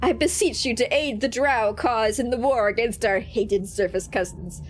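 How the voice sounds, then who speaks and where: A woman's voice: on the high side, moderate pace, slight background noise, lightly acted. A woman voicing a cruel, haughty female drow spellcaster, reading game dialogue in a stern, commanding way.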